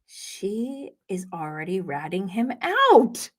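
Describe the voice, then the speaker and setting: A woman's voice: medium pitch, lively intonation, slow, bright, forceful tone. A young woman hosting a live show, chatting and giggling as she recaps reality TV and reads viewer comments aloud. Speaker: host.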